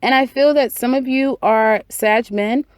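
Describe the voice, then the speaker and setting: A woman's voice: on the high side, fairly even intonation, a little slow, no room sound, studio quality. A woman giving a casual weekly tarot reading, chatty and repetitive, acting out people's inner thoughts. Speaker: tarot reader.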